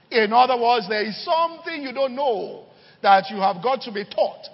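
A man's voice: extremely high pitch, normal speed, slightly rough, long reverb tail, muffled recording. A male pastor preaching a sermon, telling stories and often checking in with "all right" and "okay".

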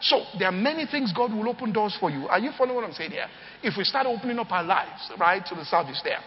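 A man's voice: sits high, lively intonation, fast talker. A man preaching a sermon, telling stories with energy and often asking the crowd if they follow him. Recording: long hall reverb, dull lo-fi sound.

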